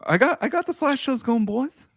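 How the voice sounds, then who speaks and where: A young man hosting a casual sports podcast, excitable and quick to swear and laugh. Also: extremely high pitch, creaky, no echo, clean studio sound. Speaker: podcast host.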